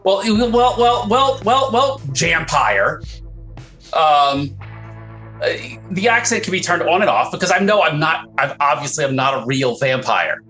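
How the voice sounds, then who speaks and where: Male player as a flustered vampire buff, slow and halting, soft music behind. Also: on the high side, lively intonation, low-quality recording. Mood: defensive. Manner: stammering, hesitant, laughs often. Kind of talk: tabletop role-play in character.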